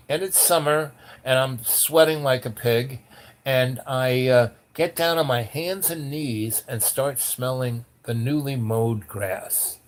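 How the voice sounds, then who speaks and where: An older man telling a rambling personal story in casual talk, with many restarts, acting out the voices of the people he quotes. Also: medium pitch. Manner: animated, acts out quoted voices.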